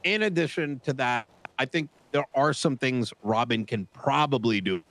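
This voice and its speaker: A man's voice: mid-range voice, moderate pace, a bit bright. A man in casual roleplay chat, hesitant, cursing and trailing off mid-sentence.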